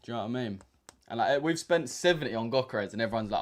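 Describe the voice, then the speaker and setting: Young guy streaming, kinda low voice, chill slangy banter, lots of "do you know what i mean". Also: fast. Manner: laid-back slangy banter with frequent fillers. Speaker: trading streamer. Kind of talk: casual livestream chat.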